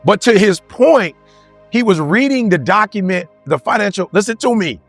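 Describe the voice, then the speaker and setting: A man with a high, bright-edged voice delivers a motivational talk, recorded dry and close with faint music behind him. He speaks in casual street slang and fires rhetorical questions straight at the crowd. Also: lively intonation, normal speed, no echo. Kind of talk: motivational talk to a live audience.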